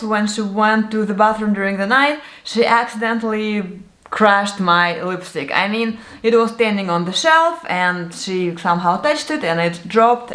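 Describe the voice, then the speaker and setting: A Siberian woman vlogs casually about products she liked, chatty and candid and laughing often. Her voice is on the high side and a bit bright, and the room she's in is echoey.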